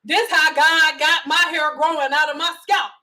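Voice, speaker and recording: A woman mimicking a stubborn grown husband who loudly refuses to get a haircut. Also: sits high, fairly even intonation, moderate pace. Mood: defiant. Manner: loud, defiant.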